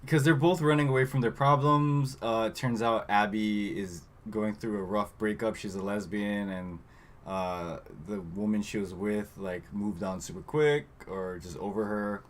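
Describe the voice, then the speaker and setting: A man's voice: on the low side, unhurried. A man co-hosting a podcast, recapping a movie in casual chat and reading from his notes with lots of fillers. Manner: rambling, trails off with fillers, reads from notes. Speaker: podcast co-host.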